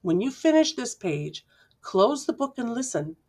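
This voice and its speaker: A woman reading a children's picture book aloud slowly and clearly, imitating the sounds in the story with playful mouth noises. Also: fairly high pitch, sing-song, a little mellow. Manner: slow, clear reading to young listeners. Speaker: storybook reader.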